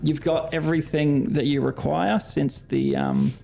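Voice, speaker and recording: An Australian man narrating as dungeon master of a tabletop game, relaxed and hesitant with frequent ums. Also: a little high, unhurried, creaky, slight background noise.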